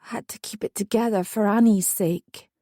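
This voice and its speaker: A woman's voice: mid-range voice, steady tone, moderate pace, warm tone, dry recording, clean studio sound. A woman narrating a first-person true story audiobook with feeling. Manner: emotional memoir reading, acting out quotes.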